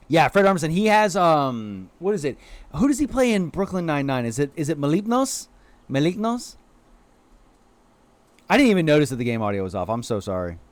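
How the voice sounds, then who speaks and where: A medium-pitched man, recorded with no echo, streams a video game and offers casual livestream commentary. He chats with viewers, talks playfully to the on-screen creatures and makes apologetic asides.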